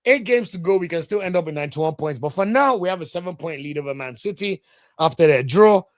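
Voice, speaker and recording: A Nigerian man hosting a football podcast, talking casually, opinionated and ranting with sudden loud exclamations. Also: a little high, expressive, quick pace, dry recording. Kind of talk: casual solo football commentary.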